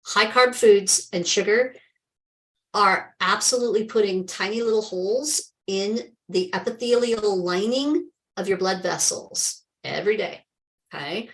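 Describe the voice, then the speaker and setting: A woman's voice: medium pitch, measured pace, low-quality recording. A woman hosting a live stream as a health coach, speaking in an emphatic, chatty way, calling viewers by name and peppering her advice with exclamations and remarks of faith.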